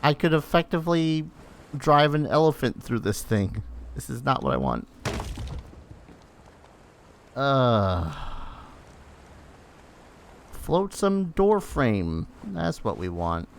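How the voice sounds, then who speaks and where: A man's voice: mid-range voice, wildly swooping pitch, slow, long pauses, a little hiss or hum. Man muttering along to his gameplay. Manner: muttering to himself while playing, self-teasing. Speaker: streamer. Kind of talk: casual gameplay commentary.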